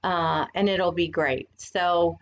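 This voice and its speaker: A woman's voice: fairly low pitch, slow pace, highs cut off, slight background noise. An older woman co-hosting a podcast, speaking earnestly and with feeling in casual chat. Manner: earnest, emotional. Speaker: podcast co-host.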